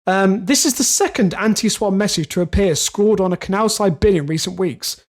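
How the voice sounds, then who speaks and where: On a casual comedy podcast, a young co-host reads out odd news stories before wandering off into jokes. His voice sits high, and he talks fairly quickly.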